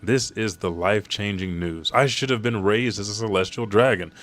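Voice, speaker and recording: A man reading the lines of a cold, composed young princess in his own low voice. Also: moderate pace, a bit bright, lightly acted.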